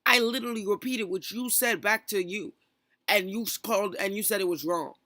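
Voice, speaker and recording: Young man, streamer, heated callout rant, high voice, bright tone, close dry sound. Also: no room sound. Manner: heated, rapid rant full of fillers. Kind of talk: ranting vlog callout.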